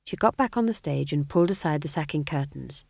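A woman's voice: deep voice, lively intonation, fairly quick, vocal fry, darkish tone, dry recording. A woman narrating an audiobook in a dry, wry storytelling manner.

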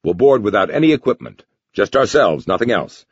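A man voicing a brisk male army major giving firm, clipped instructions in a dull lo-fi recording. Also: on the low side, sing-song, slightly rough, no echo, voice pushed up, exaggerated voice. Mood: urgent.

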